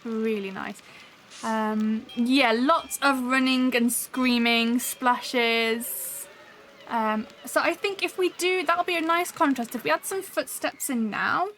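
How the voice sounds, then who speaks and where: On a livestream, a host thinks aloud and chats with her live audience as she builds a soundscape. She speaks slowly in a somewhat high, slightly bright voice, and the low-quality recording carries a little hiss or hum.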